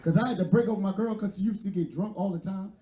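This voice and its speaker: A man's voice: sits high, fast, warm tone, reverberant. A man from West Philadelphia with a Philadelphia accent, doing a brash, profane stand-up set with crowd work at a live venue. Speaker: stand-up comedian.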